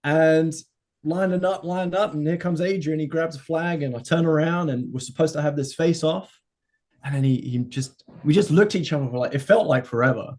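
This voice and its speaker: Laughing man, higher voice. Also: brisk. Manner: laughing, animated storyteller. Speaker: guest wrestler. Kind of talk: casual chat.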